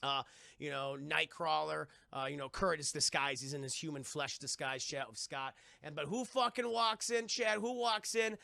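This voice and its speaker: Guy streaming a cartoon review, swears a lot, gravelly, bright and kinda high. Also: normal speed, dry recording. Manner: animated, profane, addresses chat. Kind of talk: casual live-stream commentary.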